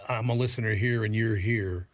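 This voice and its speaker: Wry older storyteller man, low voice. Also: normal speed, no echo. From Minnesota. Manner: wry storyteller, animated laugh-filled anecdotes. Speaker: guest, radio broadcaster. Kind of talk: casual chat.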